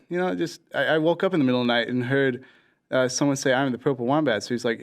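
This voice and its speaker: A young man spins a long, rambling shaggy-dog joke on a casual podcast. He acts out each character's lines as he goes, and his pitch sits in the middle for a man. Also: fast. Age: young adult. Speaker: podcast guest. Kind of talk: casual storytelling.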